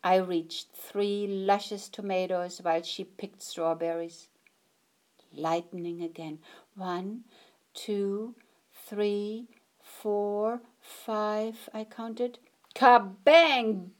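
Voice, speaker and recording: A woman reading a picture book aloud in a gentle, expressive storytelling manner. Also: medium pitch, very slow.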